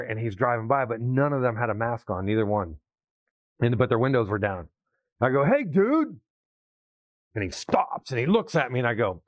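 A man's voice: mid-range voice, no room sound. Man preaching with a dull sound. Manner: storytelling, conversational, acts out quotes. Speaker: pastor. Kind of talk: sermon story.

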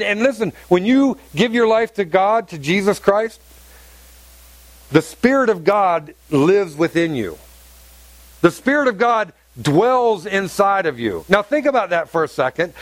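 High-voiced man preaching emphatically. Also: dry recording. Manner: emphatic, repeats phrases and asks the congregation questions. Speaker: pastor. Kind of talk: sermon. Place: church hall with congregation.

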